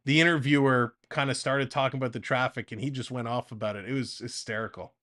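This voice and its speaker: A man doing casual live play-by-play for a fan stream, chatting off-topic between pitches and laughing often. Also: steady tone, fast talker, bright, forceful tone.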